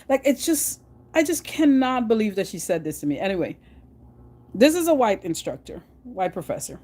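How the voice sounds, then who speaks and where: A middle-aged woman from Guyana with a Guyanese accent, chatting to her vlog audience in an animated, storytelling way with frequent restarts. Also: medium pitch. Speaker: vlogger. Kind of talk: casual monologue.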